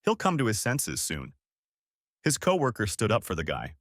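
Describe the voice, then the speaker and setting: A man narrating a scripted story recap at a steady storytelling pace. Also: lowish voice, moderate pace, no echo, studio quality.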